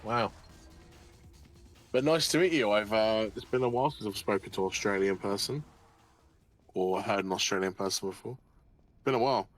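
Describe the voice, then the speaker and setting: A man's voice: lowish voice, normal speed, pauses often, soft background music. A man chatting casually as a guest on a stream, reacting with lots of exclamations. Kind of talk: casual chat.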